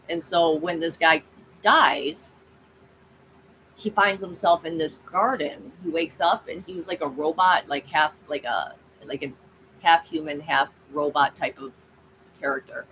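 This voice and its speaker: A woman's voice: low-pitched, a little slow, a bit bright, a little hiss or hum, low-quality recording. A woman hosting her own channel, chatting casually and rambling through a story with frequent asides to viewers. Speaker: channel host.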